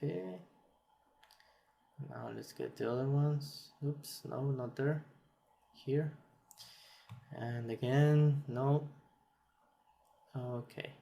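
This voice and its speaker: A man who is not a native English speaker, hosting a software tutorial and thinking aloud as he works, a bit tired and self-correcting. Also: medium pitch, extremely slow, vocal fry, pauses often. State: yawning, tired. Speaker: tutorial host. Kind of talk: screen-recorded software tutorial.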